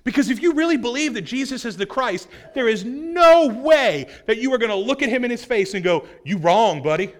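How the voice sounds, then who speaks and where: Male preacher, sermon, high voice, very lively pitch, acts out voices. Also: brisk, hardly any pauses. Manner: animated, acts out quoted voices, swings from loud to hushed. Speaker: pastor.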